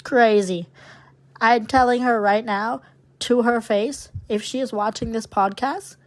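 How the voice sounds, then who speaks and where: A young woman co-hosting a casual podcast. She tells a wild story with animated outrage and plenty of swearing. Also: a little high, a little slow. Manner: animated, profane, dramatic storyteller. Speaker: podcast co-host.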